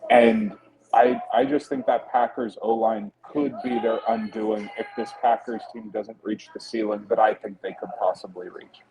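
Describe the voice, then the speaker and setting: A man co-hosting a casual sports podcast from a pub, giving steady, analytical breakdowns. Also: on the low side, normal speed, muffled recording, noisy background. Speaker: podcast co-host.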